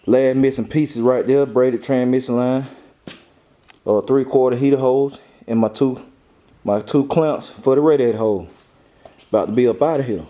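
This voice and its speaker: A man's voice: mid-range voice, normal speed, warm tone. A young man, talking casually to the camera about his car projects, laid-back and repetitive, full of slang and hype. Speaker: car vlogger. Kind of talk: casual vlog talk.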